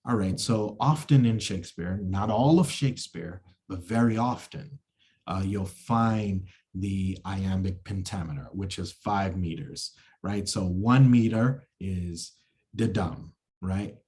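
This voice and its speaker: Slow, dark-voiced male acting teacher. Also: low-pitched. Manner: halting, many fillers and restarts. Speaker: acting instructor. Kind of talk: online lecture with screen share.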